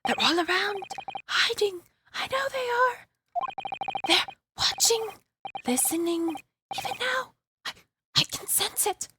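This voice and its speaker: A woman voicing a frantic, paranoid young Japanese male prisoner in a game, with shrill, theatrical outbursts. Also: lively intonation, slow pace, long pauses, heavy background noise, exaggerated voice.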